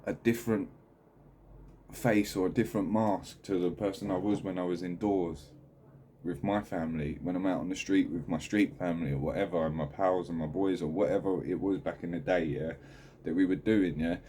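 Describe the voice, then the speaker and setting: Man, low mellow voice, rough-spoken candid diary-vlogger. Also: fairly even intonation, a little hiss or hum. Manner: halting, heavy swearing, raw and candid. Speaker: channel host. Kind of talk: candid mental health video diary.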